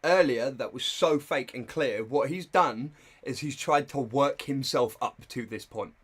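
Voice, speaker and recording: A man's voice: mid-range voice, unhurried, husky. Male streamer commentator, blunt and scornful, mid-range voice. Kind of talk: reaction commentary.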